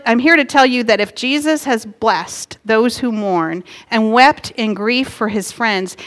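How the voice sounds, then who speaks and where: Woman pastor preaching in a reverberant sanctuary. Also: on the high side. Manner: earnest, gently emphatic preaching. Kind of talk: sermon. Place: church sanctuary. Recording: long hall reverb.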